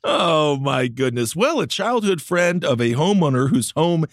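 A man's voice: fairly high pitch, animated, measured pace, no echo, studio quality. A man co-hosting a comedy podcast, adding wry joking asides. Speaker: podcast co-host. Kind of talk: casual comedic chat.

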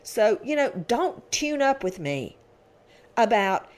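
Forceful, argumentative woman podcast host. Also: a little high, big pitch swings. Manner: forceful, argumentative, presses with rapid questions. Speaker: podcast host, former prosecutor. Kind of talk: heated podcast debate.

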